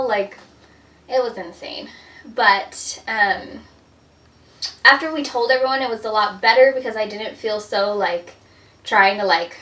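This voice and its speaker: Speaking at a normal speed in a higher, slightly bright voice, a young adult vlogger shares a casual pregnancy update from home. She's chatty and a little winded, full of fillers like "like" and "um." There's a roomy echo from the distant microphone.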